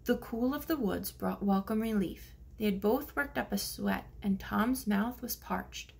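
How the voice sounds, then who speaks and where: A woman reading a children's storybook aloud as narrator, slipping into soft whispers for hushed lines. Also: mid-range voice, a little slow, gravelly. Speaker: audiobook narrator.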